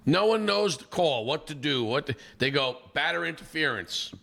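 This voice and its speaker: A man, hoarse from a recent illness, animatedly telling stories in casual chat as a podcast co-host. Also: on the high side, normal speed. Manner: animated storyteller, acts out quoted people.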